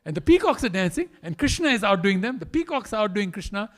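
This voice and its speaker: A man telling a story in a temple class, animated and acting out each character as he goes. His voice sits high and swings widely in pitch, and he keeps the telling lively. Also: fast talker. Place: temple hall.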